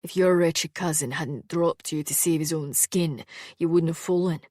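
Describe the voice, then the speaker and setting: A woman voicing an immortal male swordsman who speaks in a low, quiet, dryly amused undertone. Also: steady tone, moderate pace, no echo, clean studio sound. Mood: hushed. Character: gruff immortal male swordsman, dry wit.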